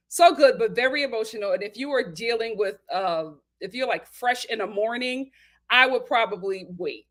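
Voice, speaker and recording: A woman's voice: a little high, animated, moderate pace, pushed and bright. A young woman hosting a live stream, chatting casually and animatedly with her viewers and laughing often. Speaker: host of a live show review stream.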